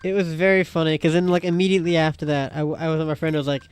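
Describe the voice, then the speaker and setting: A woman's voice: deep voice, very fast, smooth, faint music behind. Rambling, teasing woman guest. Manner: rambling storyteller, deadpan teasing. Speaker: guest co-host. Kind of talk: casual let's-play banter.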